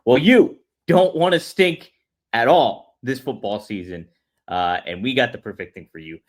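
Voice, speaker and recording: A man, a podcast co-host, chatting and doing an upbeat, jokey ad read. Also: normal speed. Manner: upbeat, jokey pitchman in ad reads. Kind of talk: casual chat and ad read.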